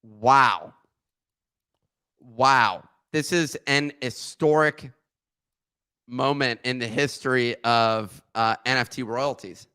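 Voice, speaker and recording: A man co-hosting a podcast in casual chat, joking and laughing often, with halting restarts. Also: medium pitch, fairly even intonation, bright, forceful tone, smooth, no room sound. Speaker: podcast co-host.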